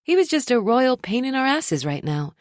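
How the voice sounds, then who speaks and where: A woman narrating a first-person romance audiobook in an expressive, wry storytelling manner. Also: on the high side, moderate pace, no room sound, studio quality.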